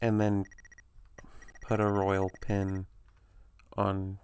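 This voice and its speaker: A man giving low-key, hesitant let's-play commentary, quiet and mumbled with fillers. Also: monotone, drawn-out words, smooth. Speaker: gamer.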